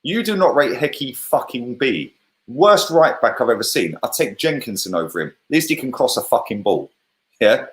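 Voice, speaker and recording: A man's voice: medium pitch, very animated, normal speed, a bit bright. A man, a football fan pundit, ranting bluntly and combatively in heated, sweary chat. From England.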